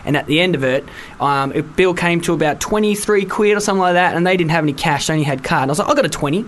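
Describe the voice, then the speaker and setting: Male podcast co-host, rapid, slightly raised pitch, animated storyteller, faint background hum. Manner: quick, animated storytelling with laughs. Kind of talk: casual chat, anecdotes.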